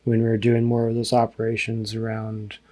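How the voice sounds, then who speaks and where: An American man, a former army analyst, recalling combat in a sober interview, speaking haltingly with frequent restarts. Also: on the low side, completely flat delivery, dark tone. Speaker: podcast guest, former army intelligence analyst. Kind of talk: reflective interview recollection.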